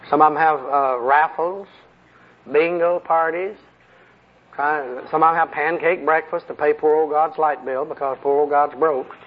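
A man preaches in a folksy, conversational way and keeps putting rhetorical questions to his congregation. His voice sits a little high and sounds husky. The old recording is dull and muffled. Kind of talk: sermon.

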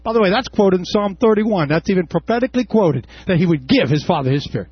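Husky male preacher, high voice jumping all over, dry dull recording. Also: expressive, quick pace, no echo. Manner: impassioned, with shouted peaks and casual asides. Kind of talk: sermon. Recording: dull lo-fi sound.

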